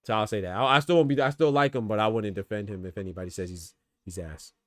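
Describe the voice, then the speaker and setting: A man's voice: lowish voice, quick pace, dry recording, clean studio sound. A man hosting a boxing podcast, giving loose, slangy live fight commentary and talking to his chat.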